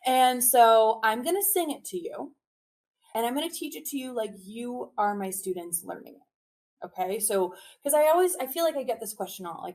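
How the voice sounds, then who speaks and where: A woman teacher giving a webinar demonstration, animated and drilling phrases in a sing-song call-and-response. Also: on the high side, fairly quick. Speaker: early childhood teacher presenting a webinar. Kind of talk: teacher demonstration with chants and repetition.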